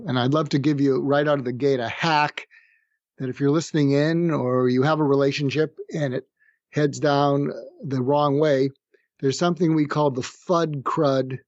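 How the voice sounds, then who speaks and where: A middle-aged man, a psychiatrist guest on a podcast interview, explaining techniques in a calm, methodical way and slowly acting out sample phrases. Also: mid-range voice, no room sound, lo-fi sound. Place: room with street noise outside.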